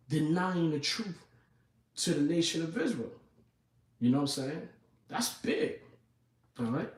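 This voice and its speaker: A man giving an informal sermon, reading scripture and talking it through conversationally with frequent asides to his listeners. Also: fairly high pitch. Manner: conversational, repeats "you know what I'm saying" and "man". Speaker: preacher. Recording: echoey room, mic at a distance.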